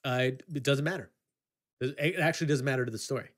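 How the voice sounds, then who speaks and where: A man co-hosting a casual podcast, telling an animated story with halting restarts and laughing asides. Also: mid-range voice. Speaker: podcast co-host.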